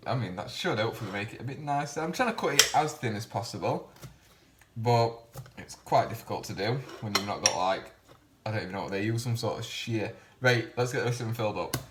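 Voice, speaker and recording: A man's voice: lowish voice, background noise. A man chatting casually as he cooks in his home kitchen, rambling and poking fun at himself. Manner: chatty, rambling, self-deprecating. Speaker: home cooking vlogger. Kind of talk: casual cooking commentary.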